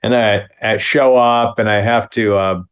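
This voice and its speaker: A man's voice: unhurried, clear, resonant tone, dull audio. A man in his fifties from Minnesota, a comedy actor telling a story as a guest in casual conversation, chuckling and jumping into the other voices. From Minnesota, USA. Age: 50s. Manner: lively anecdote, acts out the other voices with big pitch jumps, chuckles.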